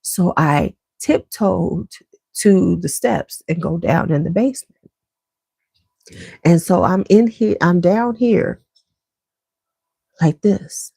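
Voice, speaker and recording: A middle-aged woman tells a rambling family story straight to her viewers in a loose, chatty way. Her voice sits fairly low with a gravelly edge. The sound is close and dry, with no room echo, from her home basement. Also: slow, pauses often, warm tone. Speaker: vlogger.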